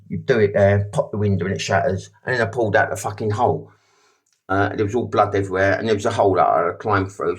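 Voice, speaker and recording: Blunt sweary man. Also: lowish voice. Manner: blunt, sweary, rambling with many fillers. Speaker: vlogger telling his own story. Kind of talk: angry monologue to camera.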